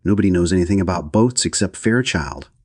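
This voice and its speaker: A languid, affected poet, as a male narrator reads him in an audiobook. His low, husky voice drawls. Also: animated, brisk, a little mellow, dry recording, clean studio sound.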